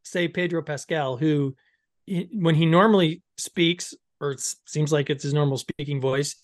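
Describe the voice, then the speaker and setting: Male podcast co-host, a touch higher pitched, inquisitive and loose. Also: normal speed, dry recording, studio quality. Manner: questioning, lots of fillers. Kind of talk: casual discussion.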